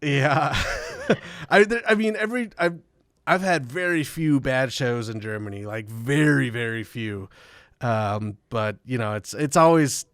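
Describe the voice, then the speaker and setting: A man's voice: medium pitch, unhurried, fairly bright tone, no room sound, clean studio sound. A man guest on a podcast, telling rambling, profane tour stories in casual chat and laughing often. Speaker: podcast guest, metal musician.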